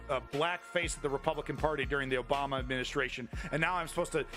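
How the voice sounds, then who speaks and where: A man's voice: a little high, fast talker, few pauses, over loud music. A man hosting a live news stream, ranting about politics to his chat in a heated, profane, rambling way with many restarts. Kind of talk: angry political commentary to chat.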